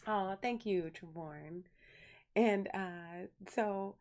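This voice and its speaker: A young adult woman chatting casually on a live stream, telling a family story in an animated way and thanking viewers by name. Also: mid-range voice, drawn-out words. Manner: chatty, animated storyteller who reads viewer messages aloud.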